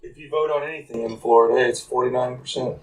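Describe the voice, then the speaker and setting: A man's voice: mid-range voice, fairly even intonation, fast talker, a little mellow. A young man co-hosting a podcast, joking around in casual chat, laughing and coughing often. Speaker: podcast co-host. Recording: roomy, mic at a distance.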